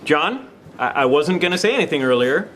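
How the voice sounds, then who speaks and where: An actor playing a band member who hesitantly raises a touchy point in a sketch. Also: male voice, on the high side, expressive, fairly quick, a bit bright, a little hiss or hum. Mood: tactful. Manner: hesitant, tactful.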